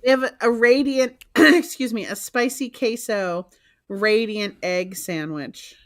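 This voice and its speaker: A woman co-hosting a livestream in casual chat, reading menu items aloud slowly and chatting. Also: a little high, a bit bright. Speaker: co-host of a reseller livestream.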